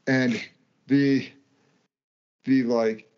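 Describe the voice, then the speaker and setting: A man's voice: mid-range voice, steady tone, very slow, a little mellow, smooth. A man co-hosting a casual podcast, ranting and swearing freely, often stumbling and restarting. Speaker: podcast co-host. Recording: dull lo-fi audio.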